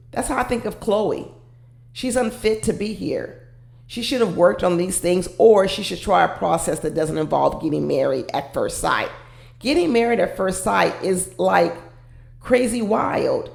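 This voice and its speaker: A woman's voice: medium pitch, normal speed, creaky, darkish tone, roomy sound. A woman commenting casually and with firm opinions on a reality show, talking straight to her viewers.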